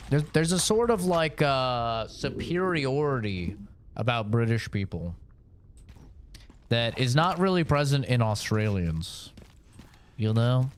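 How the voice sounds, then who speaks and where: Guy streaming a horror game, rambling and joking, real slow talker, bit of faint hiss. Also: mid-range voice, very animated. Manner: rambling, joking, lots of fillers. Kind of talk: casual chat while gaming.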